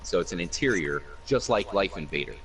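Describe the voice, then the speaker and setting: Man, host, casual gaming chat, very low voice, distant mic, faint hiss. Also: lively intonation, a little fast. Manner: upbeat, addresses guests and viewers directly. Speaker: show host. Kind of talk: casual group gaming discussion.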